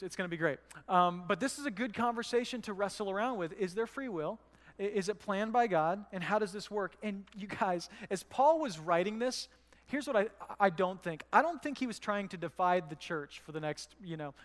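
A male pastor with a high-pitched voice delivers a sermon in a church sanctuary. He speaks in an easygoing, conversational way and keeps asking the room "right?". His voice carries a long reverb tail off the hall.

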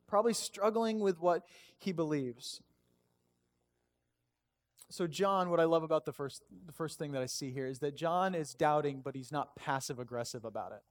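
A man pastor giving a conversational, animated sermon and reading scripture aloud. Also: high voice.

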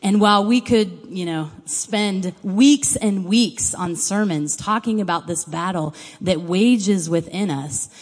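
A woman's voice: mid-range voice, takes it slowly, hardly any pauses. A woman giving a sermon, speaking in an earnest, conversational way and reading scripture aloud. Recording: long hall reverb.

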